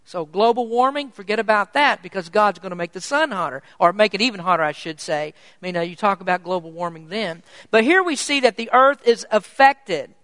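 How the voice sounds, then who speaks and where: A man's voice: high voice, fairly bright tone, clear, resonant tone, no echo. A man preaching an evening sermon with emphatic, urgent delivery. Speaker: pastor.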